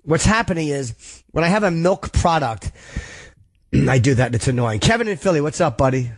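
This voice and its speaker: A man hosting a call-in radio show who gives blunt, frank, profane advice and keeps clearing his throat. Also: a little high, lively intonation, moderate pace, no room sound. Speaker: radio host.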